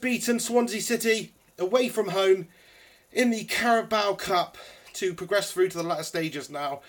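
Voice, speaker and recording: A young man hosting a live post-match football reaction stream, chatty and excitable, a bit out of breath. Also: high voice, moderate pace. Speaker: football fan channel host.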